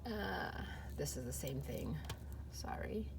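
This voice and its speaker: A woman's voice: sits low, very animated, slow, vocal fry, slightly rough. A woman teaching Spanish grammar, explaining step by step in a casual way with fillers, while filming and typing. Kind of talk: recorded lesson walkthrough.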